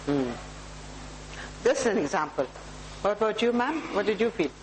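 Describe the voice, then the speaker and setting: A woman's voice: mid-range voice, lively intonation, moderate pace, slight background noise, low-quality recording. Indian woman giving a live motivational talk. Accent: Indian English. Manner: warm, direct, addresses audience members by name. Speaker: motivational speaker. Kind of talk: live talk to a small audience. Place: talk room with live audience.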